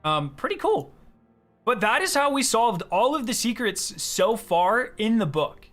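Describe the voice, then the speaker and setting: A young man streaming live, chatting casually and excitedly with his chat, reading their questions aloud and answering them. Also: sits high, unhurried, faint music behind.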